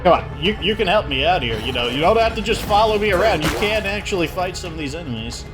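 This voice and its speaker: A man's voice: sits high, expressive, fast, over music. A man giving casual, joking commentary as he plays a video game, thinking aloud. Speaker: gaming channel host.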